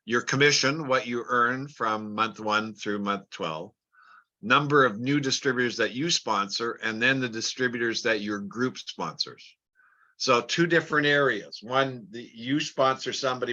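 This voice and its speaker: A man's voice: medium pitch, normal speed, bright, forceful tone, dull audio. A man explaining a business plan chart step by step, plain and repetitive, often restarting words. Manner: plain, repeats words, talks through numbers step by step. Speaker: business trainer.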